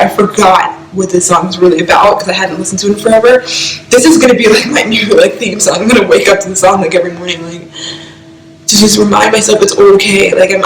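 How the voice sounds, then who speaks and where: Young woman vlogger, mid-pitched, chatty and rambling, recorded in an echoey room with faint music underneath. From US East Coast. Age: young adult. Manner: rambling, heavy use of "like", emotional. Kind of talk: casual reaction vlog.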